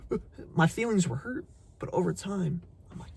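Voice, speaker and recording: A man's voice: high voice, animated, normal speed, vocal fry, dark tone, a little hiss or hum. A young man giving a blunt, profane motivational rant, preaching tough love and calling the listener bro. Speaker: motivational content creator.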